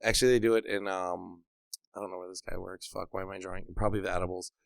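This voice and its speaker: Brash, gravelly podcast host. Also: male voice, sits low, flat delivery, fast, no echo. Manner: joking, brash, swears freely. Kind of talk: casual podcast banter.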